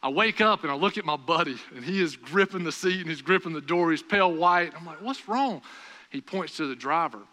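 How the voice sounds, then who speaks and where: A young man preaching a sermon, telling a story with animated storytelling and raised voices for the dialogue. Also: fairly high pitch, brisk, few pauses. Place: church sanctuary. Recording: long hall reverb.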